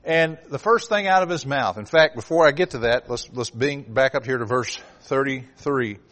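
A man's voice: mid-range voice, normal speed, fairly bright tone. A man preaching a sermon, driving home points with repetition and sudden swells of emphasis.

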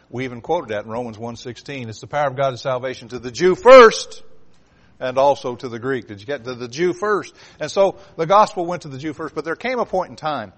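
A man's voice: mid-range voice, a bit bright. A man preaching a sermon, driving home points with repetition and sudden swells of emphasis.

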